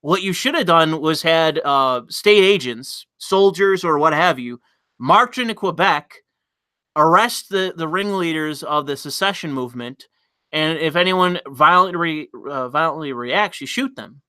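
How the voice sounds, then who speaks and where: A man's voice: on the high side, lively intonation, measured pace, pushed and bright, smooth, no room sound. A man hosting a casual livestream, reading chat messages aloud and commenting bluntly, with frequent fillers and restarts.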